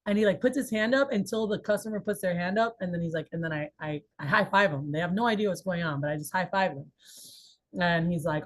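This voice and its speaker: A woman's voice: on the low side, fast talker. A young adult woman, a sales manager, running a sales training session and telling stories, acting out the quoted voices of her reps. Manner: animated storyteller acting out quotes.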